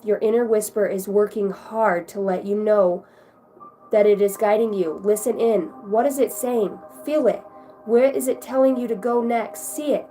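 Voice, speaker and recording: A woman with a mid-range voice reads tarot cards on a live stream, warm and affectionate, drifting into rambling chat with her viewers. She sounds like she is at home on a webcam mic, with a faint hiss underneath. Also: mid-range voice, rough recording. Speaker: tarot card reader.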